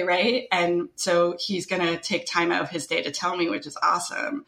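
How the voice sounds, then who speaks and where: A woman with a noticeably strong Canadian accent chats away as an interview guest. Her voice sits a little low, and she keeps her talk loose and friendly, full of "like" and "right?". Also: flat delivery, moderate pace, gravelly, few pauses, a bit bright, echoey room. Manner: chatty, upbeat, full of "like" and "right?". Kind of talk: casual interview conversation.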